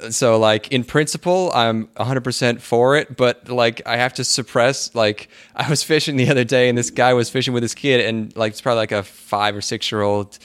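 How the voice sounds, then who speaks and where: A young man co-hosting a casual podcast, speaking in halting bursts full of fillers with a wry, deadpan sense of humor. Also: mid-range voice, clean tone. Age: young adult. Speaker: podcast co-host. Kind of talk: casual chat.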